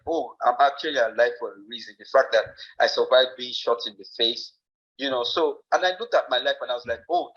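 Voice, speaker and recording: A man's voice: medium pitch, fairly bright tone, dull audio. Earnest Nigerian man telling his story. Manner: earnest, reflective, many fillers and restarts. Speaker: podcast guest. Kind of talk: personal story told in conversation.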